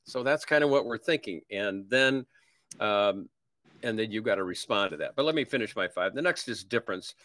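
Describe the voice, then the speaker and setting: A man's voice: fairly low pitch, moderate pace, a bit bright, dry recording. A man as a sales trainer guest, teaching in a seminar style. He works through numbered points and explains them with everyday examples.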